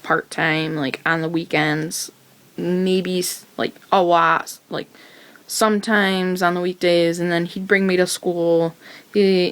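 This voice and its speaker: A teenage woman telling her own story in a rambling, casual way, full of fillers and restarts. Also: lowish voice. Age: teens.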